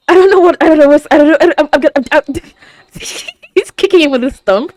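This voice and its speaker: A woman reacts aloud to an anime episode, her high voice leaping all over its range. She gasps, stammers and exclaims nonstop. The sound is close and dry. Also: very animated, quick pace, darkish tone, no room sound. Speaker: reaction video host. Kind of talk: live anime reaction commentary.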